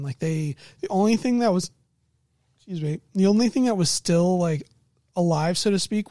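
A woman game master casually recounting a tabletop game session, animated and laughing often. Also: lowish voice, no echo, clean studio sound.

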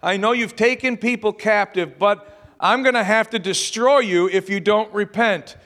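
A man's voice: sits high, normal speed, a bit bright. A male preacher voicing God, who gives solemn, emphatic declarations of judgment and intent. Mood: stern. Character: God speaking, stern and resolved.

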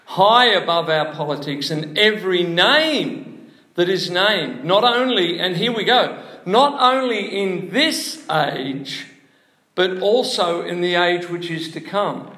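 A man's voice: high voice, expressive, a little slow, pushed and bright, reverberant. A man preaching a sermon to a congregation in a church, chatty and full of questions to the room. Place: church hall before a congregation.

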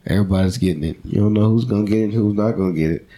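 A man's voice: fairly low pitch, rapid-fire, warm tone. A man in his thirties hosting a casual podcast chat, telling loose, profane stories with plenty of jokes. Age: 30s. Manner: loose, profane, joking storyteller. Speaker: podcast host.

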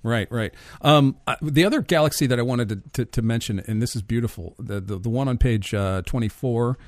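A man hosting a casual conversation, chatty and quick to laugh, with frequent fillers. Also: medium pitch, no room sound. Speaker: host. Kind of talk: casual chat about astronomy.

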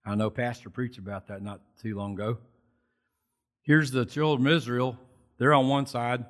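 A man preaching a sermon at a church service, telling Bible stories in a folksy, animated way. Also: mid-range voice, normal speed. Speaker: lay preacher.

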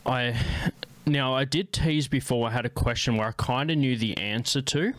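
A man's voice: medium pitch, normal speed, a bit bright, no room sound. An Australian man, a comedian hosting a podcast, chatting casually with lots of ums and restarts. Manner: rambling, with many ums and restarts. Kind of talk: casual interview chat.

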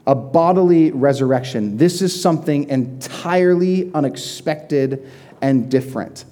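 A man's voice: fairly high pitch, a little slow, warm tone. A young man giving a sermon as a pastor, retelling the scripture in a conversational, vivid storytelling way with frequent fillers.

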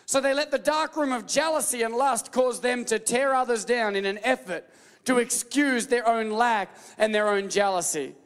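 Male pastor, very high voice, lively playful preaching, call-and-response, large echoing church hall. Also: normal speed, smooth. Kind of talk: sermon.

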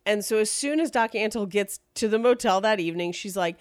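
A woman's voice: medium pitch, brisk, darkish tone, no room sound, studio quality. A woman hosting a podcast, casually telling a true-crime story in a chatty way and laughing often. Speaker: podcast host.

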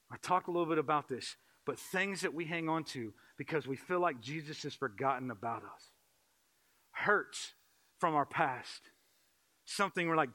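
A man pastor preaching a sermon, shifting from quiet, slow reflection to loud, pleading intensity. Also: low-quality recording. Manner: swings from quiet and slow to loud, high-pitched impassioned pleading.

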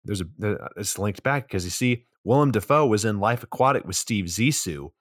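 Low-voiced man recapping a movie. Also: lively intonation, moderate pace, no room sound. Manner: recaps plot loosely, swears casually, dry asides. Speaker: podcast co-host. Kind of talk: casual movie recap chat.

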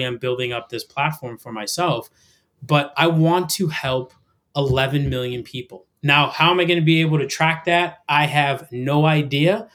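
A middle-aged man in a casual podcast chat, pitched squarely in the middle for a man. He speaks with energetic, emphatic drive, in the rising cadence of a would-be motivational speaker. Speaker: podcast guest.

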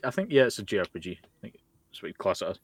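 A man's voice: on the low side, very animated, rapid-fire, a little hiss or hum. A Scottish man co-hosting a podcast, blunt and wry, swearing freely, over a voice chat call. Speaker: podcast co-host. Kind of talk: casual chat. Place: home, remote voice call. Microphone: computer mic over a voice chat call.

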